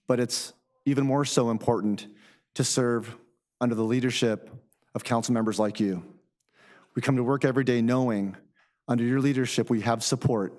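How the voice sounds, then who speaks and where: A man giving formal, measured prepared remarks as city manager at a council meeting. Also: mid-range voice, a little mellow.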